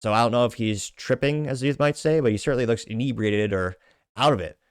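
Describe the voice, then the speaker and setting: A man's voice: mid-range voice, a little fast, smooth, no echo. Male commentary host, mid-range voice, casual and wry, dry close recording. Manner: conversational, self-correcting with frequent fillers; sardonic asides. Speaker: show host. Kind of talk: commentary podcast reading social media replies.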